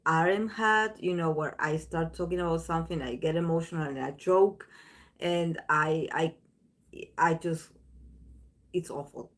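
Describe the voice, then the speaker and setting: A woman talks to her viewers in an unhurried, loose chat, drifting between thoughts and restarting her sentences. Her voice sits fairly low, and she takes her time with every phrase. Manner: rambling, many restarts and fillers. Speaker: tarot channel host.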